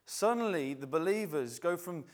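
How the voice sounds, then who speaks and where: A man's voice: fairly high pitch, expressive, moderate pace. A male preacher giving a conversational, reflective sermon, often restarting his phrases.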